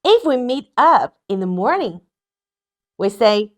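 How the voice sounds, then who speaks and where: A young woman with a Chinese accent teaches in an unhurried, measured way. Her voice swings up and down with bright, animated pitch as she stretches out each tone for learners to copy. She speaks Mandarin as her first language. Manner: slow, drawn-out modelling of tones for repetition. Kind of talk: online language lesson.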